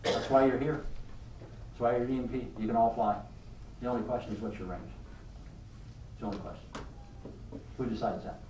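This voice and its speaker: An older man giving a motivational leadership talk to a live audience, an animated storyteller who keeps asking the room questions. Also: medium pitch, normal speed, long pauses, reverberant, distant mic, slight background noise, rough recording. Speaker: leadership speaker.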